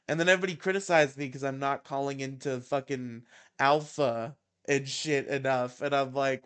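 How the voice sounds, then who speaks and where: A man's voice: medium pitch, fairly even intonation, normal speed, fairly bright tone, clean tone. A man hosting a live stream, talking bluntly and swearing in casual chat. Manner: blunt, profane, joking. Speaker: show host.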